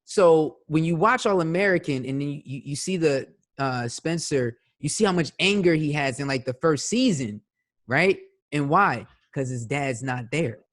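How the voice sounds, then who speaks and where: A man's voice: on the high side, animated, moderate pace. A man hosting a podcast, talking in a loose, conversational way and often checking in with his guest. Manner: conversational, leans on "you know what I'm saying". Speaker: podcast host. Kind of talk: casual interview chat.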